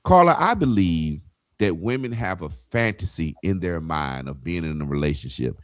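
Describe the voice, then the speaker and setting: A man's voice: sits low, expressive, moderate pace, no room sound, studio quality. A man telling profane stories in a casual chat, acting out the voices of people he quotes. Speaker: guest.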